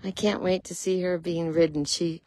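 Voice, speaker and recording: A woman from a horse rescue walking through the barnyard, explaining each animal's care in a casual vlog and cooing to them in a high sing-song. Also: fairly even intonation, normal speed, darkish tone, no room sound. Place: outdoors at a farm with horses.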